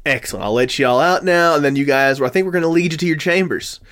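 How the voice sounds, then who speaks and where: A man narrating as game master of a tabletop role-playing game and voicing its characters, quick and conversational. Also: on the high side, fairly bright tone, clear, resonant tone. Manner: quick, conversational, with restarts and laughs.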